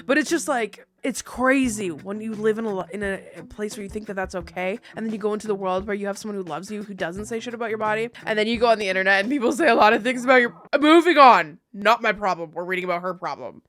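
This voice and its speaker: A woman casually reading online posts aloud and breaking off for blunt, jokey commentary. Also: mid-range voice. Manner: animated, jokey, blunt, riffs between readings. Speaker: YouTuber reading Reddit stories.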